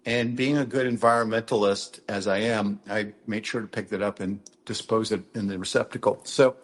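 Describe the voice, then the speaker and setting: An older actor from Minnesota, a guest in a casual interview, telling rambling anecdotes and acting out quoted lines. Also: male voice, fairly low pitch, steady tone, normal speed. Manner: rambling storyteller, acts out quotes.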